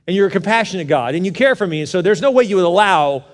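A preacher acts out an incredulous older man, stammering and protesting that he must have heard wrong. His fairly high voice rings with long reverb through a large hall. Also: expressive, fast.

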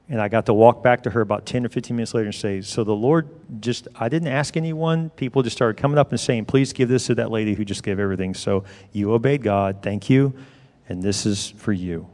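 A man's voice: lowish voice, a little mellow. A middle-aged male pastor preaching a sermon in an emphatic, conversational storytelling manner. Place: church sanctuary. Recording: long reverb of a large hall.

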